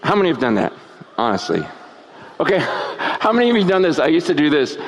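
A man delivers a sermon at a tent meeting in a voice pitched a little high. He drops to a hush, then climbs to shouting at the peaks. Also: a little fast, a little hiss or hum. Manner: animated, swinging from hushed to shouting. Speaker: preacher.

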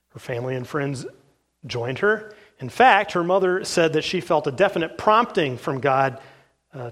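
A male pastor delivers a sermon, reading passages aloud from a book at an earnest, even pace. His voice sits a little higher than most men's, and he pauses now and then with a soft "uh". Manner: earnest, steady reading with filler "uh"s.

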